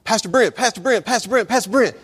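An excited teenage girl, as a preacher puts her on, eager and breathless, her voice pitched well up and bouncing. She piles up quick repeated words in a rush. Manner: rapid, eager repetition.

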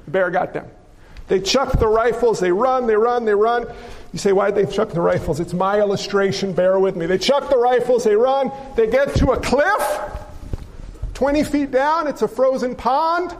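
A pastor with a notably high voice preaches to his congregation. He keeps it lively with questions and stories. His voice rings with the long reverb of a large hall. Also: a little hiss or hum. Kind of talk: sermon.

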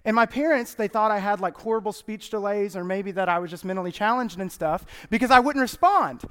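A man's voice: sits high, fairly quick, fairly bright tone, smooth. A man preaching as a youth pastor in a church, chatty and playful, often laughing as he talks. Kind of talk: casual humorous sermon. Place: church sanctuary. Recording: echoey church hall.

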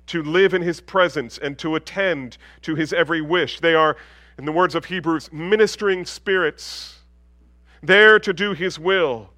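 A man delivers a sermon in a fairly high voice, recorded dry and close. He moves between ringing, emphatic declarations and quiet, almost whispered asides. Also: dry recording. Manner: wide swings from loud proclamation to hushed near-whisper. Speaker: pastor.

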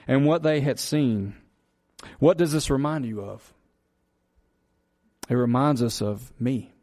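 Slow, earnest preaching man. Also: medium pitch, warm tone. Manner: earnest preaching with rhetorical questions and repetition. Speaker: pastor. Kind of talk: sermon.

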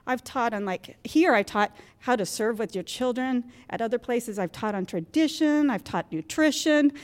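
A woman's voice: fairly high pitch, a little mellow, in a large hall. A woman in her fifties giving a candid, self-mocking talk to a group of mothers in a church gym, laughing often. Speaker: guest speaker at a moms' group. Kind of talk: personal talk to an audience.

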